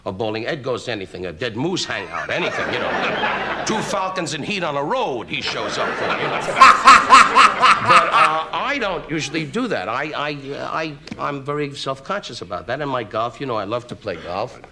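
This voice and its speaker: A man, a comedian guest on a talk show, telling an insult-comedy anecdote with rapid, needling jabs, heard on noisy old TV broadcast audio. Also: medium pitch, big pitch swings.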